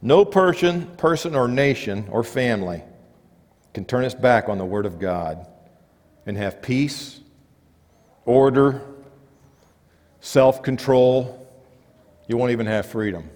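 A man preaching a sermon, rising for emphasis and dropping to quiet, low stresses. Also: takes it slowly, pauses often. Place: church sanctuary. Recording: long church reverb.

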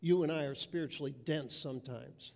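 A man's voice: fairly high pitch, a little fast, creaky, darkish tone. A man preaching a sermon with emphasis, mimicking people's voices. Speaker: pastor. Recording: reverberant hall.

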